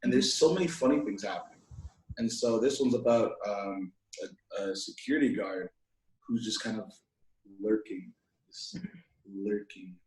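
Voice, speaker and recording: A man's voice: on the low side, animated, moderate pace, pauses often, a little mellow. Male poet, 20s, from Alaska; playful rhythmic reader, echoey room sound. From Alaska, USA. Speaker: poet guest. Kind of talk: poetry reading and casual chat.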